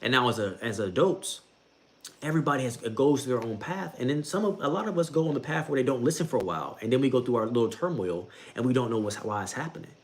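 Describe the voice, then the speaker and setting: A man's voice: medium pitch, fast. Laid-back man preaching casually, calls everyone bro. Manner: repetitive, conversational, says bro a lot, laughs at own jokes. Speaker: bible reading streamer. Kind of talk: casual spiritual talk.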